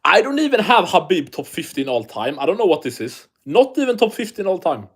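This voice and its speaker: Chatty man, higher-pitched voice. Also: big pitch swings, fairly quick, husky. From Sweden. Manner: chatty, reads chat aloud, swears freely. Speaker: live-stream host. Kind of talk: casual live-stream commentary.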